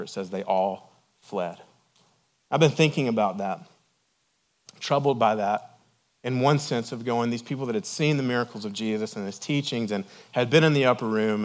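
A middle-aged man, a lead pastor, preaching a sermon with earnest emphasis that swells to strong peaks and falls to quiet, reflective lows.

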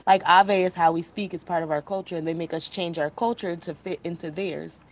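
A woman's voice: lowish voice, fairly quick. A woman speaking emphatically in a casual discussion. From United States. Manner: emphatic, expressive.

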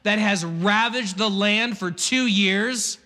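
Animated high-voiced preacher in a hall. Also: male voice, takes it slowly. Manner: animated, conversational preaching with asides and laughs. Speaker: pastor. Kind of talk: sermon.

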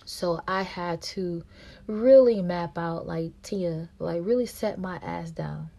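Gravelly-voiced woman telling a personal story. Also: slow pace, mellow. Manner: reenacts quarrels with raised pitch and volume. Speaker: podcast host.

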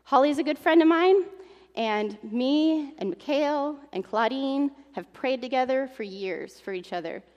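Young woman preacher, earnest, somewhat high voice, long hall reverb. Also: animated, measured pace, darkish tone, highs cut off. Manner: earnest, emotional, reads aloud from an article. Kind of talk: sermon.

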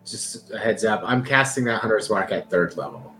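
Brief: male tabletop player, bright voice, animated pitch, breezy. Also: normal speed, soft background music. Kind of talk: casual tabletop chat.

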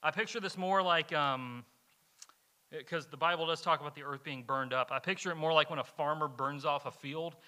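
A man's voice: on the high side, normal speed, pushed and bright. A male pastor from Kentucky preaching a conversational sermon, often repeating words as he talks.

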